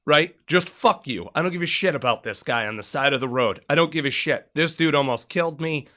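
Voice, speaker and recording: Talking fast in a fairly high-pitched voice, a middle-aged podcast co-host recounts a military story. His chat is casual and profane, and he performs the shouted lines.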